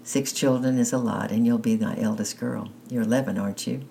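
A kindly, busy mother of six, welcoming and encouraging, read by a man. The voice stays dark and mellow with a gravelly rasp. It is only lightly set apart from the narration. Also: rumbling low, steady tone, fairly quick, a little hiss or hum.

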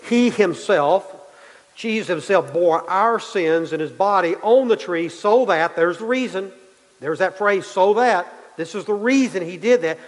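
A man's voice: on the high side, long reverb tail, low-quality recording. A man preaching a sermon, repeating his key points for emphasis and building in intensity. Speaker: pastor.

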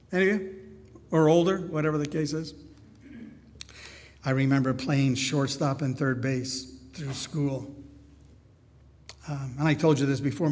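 Man preaching in an echoing church. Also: mid-range voice. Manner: asks the congregation many questions. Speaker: pastor. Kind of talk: sermon. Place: church sanctuary. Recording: long hall reverb.

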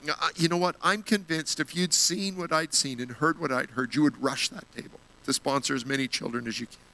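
A man's voice: on the high side, brisk, creaky, sharp tone, rough recording. A man giving an earnest sermon, telling a personal story and appealing to the congregation. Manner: earnest storytelling, gets emotional. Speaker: guest speaker at a church.

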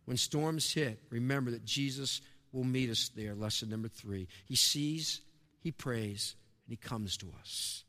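A man preaching a sermon as pastor, swinging between emphatic raised lines and hushed, quiet ones. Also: medium pitch, in a large hall.

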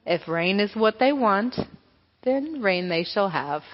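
Rumbling storybook rain cloud, low and grumpy, as a woman puts it on; echoey hall. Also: lively intonation, slow pace. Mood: grumbling. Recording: echoey hall, dull lo-fi sound.

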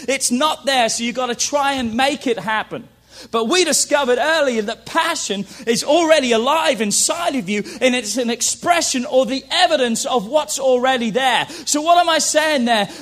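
A male pastor with a high voice delivers a sermon, calling out to the congregation and repeating key lines. He swings between loud shouting and low, hushed storytelling.

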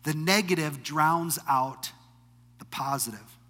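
A middle-aged male pastor delivers a sermon in a bright, forceful voice that sits a little high for a man. He speaks conversationally and pokes fun at himself as he tells stories. A long reverb from a large hall trails every phrase. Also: slow. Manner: conversational storytelling with self-deprecating humor.

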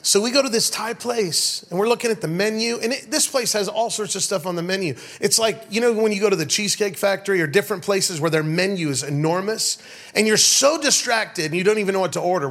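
Talking fast in a high, slightly bright voice, a middle-aged pastor delivers a sermon in the church sanctuary, full of humorous stories and call-and-response with his congregation.

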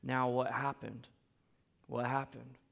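A male pastor with a medium-pitched, slightly bright, creaky voice speaks slowly and with little pitch movement. He preaches conversationally, often checking in with listeners through tag questions and tossing in playful asides.

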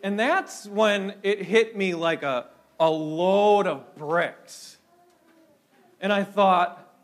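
A man from Minnesota preaching a sermon as pastor, telling stories in an animated way with frequent restarts. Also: high voice, extremely slow. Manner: animated storytelling with repeated restarts.

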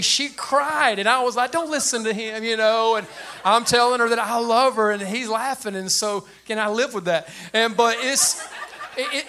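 An older man, a grandfather, preaching a sermon to his church in an animated, plain-spoken way. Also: a little hiss or hum. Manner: animated preacher with a light, high voice and plain speech. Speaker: pastor.

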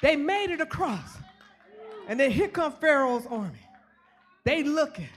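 Calling congregants by name and drawing their responses, a woman preacher shouts a repetitive sermon in church. Her high, sing-song voice keeps a measured pace.

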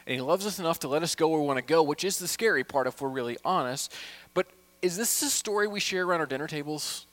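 A male pastor delivering a heartfelt sermon. His voice sits a little high for a man, and he swings between quiet, intimate asides and loud, pleading appeals to his congregation. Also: expressive, quick pace. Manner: impassioned preaching, swinging from hushed to loud.

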